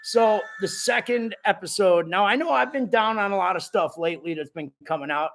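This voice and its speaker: A man's voice: high voice, a little fast, gravelly. A man hosting a live stream, chatting casually and jokingly with his viewers and reading out their comments, his voice cracking a little. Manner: animated and jokey, talks straight to the viewers.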